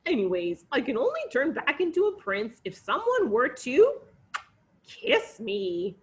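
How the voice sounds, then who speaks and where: A cheeky enchanted frog croaks and coaxes in an unhurried storybook voice, put on by a woman reading aloud. His tone bobs up and down as he wheedles. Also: high-pitched, wildly swooping pitch, exaggerated voice. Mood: wheedling. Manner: wheedling, coaxing. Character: cheeky enchanted male frog, a cursed prince.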